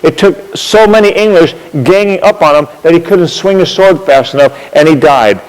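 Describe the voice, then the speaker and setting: A man's voice: a little high, normal speed, big-room sound, poor audio. A man telling a history story in a chatty, anecdotal way. He repeats words as he gathers his thoughts and shows things with props. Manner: demonstrates with props as he talks.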